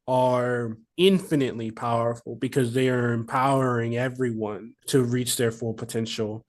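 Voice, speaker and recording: A woman's voice: rumbling low, a little mellow. A woman hosting a casual interview chat, playful, laughing through her stories. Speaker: podcast host.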